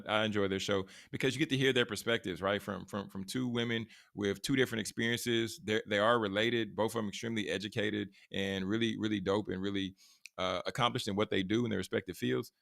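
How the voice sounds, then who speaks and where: A man hosting a podcast in casual chat, relaxed and repetitive, with hype sign-offs. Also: lowish voice, fast, vocal fry, no echo, clean studio sound. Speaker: podcast host.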